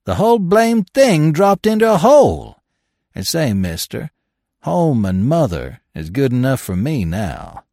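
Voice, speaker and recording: A man's voice: on the low side, sing-song, a little slow, vocal fry, dark tone, no room sound, clean studio sound, full character voice. A man voicing a sullen old trapper and whaler who talks in a folksy, blunt backwoods drawl. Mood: drawling, rough.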